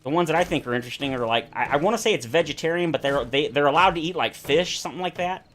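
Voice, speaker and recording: A man's voice: a little high, fast talker, fairly bright tone, faint music behind. A man streaming a survival game, chatting casually in rambling, self-correcting tangents. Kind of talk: casual chat while playing a survival game.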